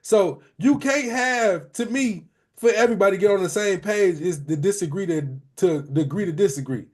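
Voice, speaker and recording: A man in a casual group discussion, talking in a relaxed way and often saying "you know what I'm saying". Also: high voice, moderate pace. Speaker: discussion participant.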